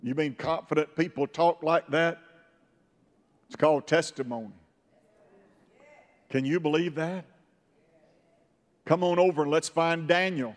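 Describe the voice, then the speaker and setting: A man's voice: on the high side, fairly even intonation, a little slow, long pauses. A man preaching a sermon in a folksy storytelling way that builds to fervor. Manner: folksy storytelling, rising to fervent. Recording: long reverb of a large hall.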